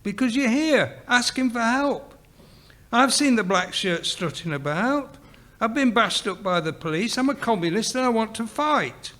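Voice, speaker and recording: Male reader plays a blustering lad of seventeen, earnest and keen, pitched high above the reader's own voice. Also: expressive, a little slow, pushed and bright, full character voice. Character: eager young man nearly eighteen, earnest.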